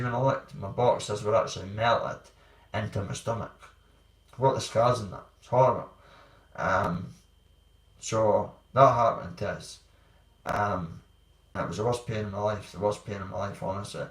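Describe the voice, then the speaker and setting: Scottish man, low voice, blunt rambling storytelling, roomy echo, set back from the mic. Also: steady tone, normal speed. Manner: blunt, rambling, swears freely. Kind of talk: candid personal storytelling. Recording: roomy sound, distant from mic.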